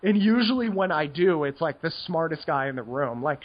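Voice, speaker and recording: A man's voice: fairly high pitch, expressive, brisk, breathy edge. Rambling podcast man with a dull sound. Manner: rambling, laughs often, lots of "like". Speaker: podcast co-host, poker player. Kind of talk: casual chat.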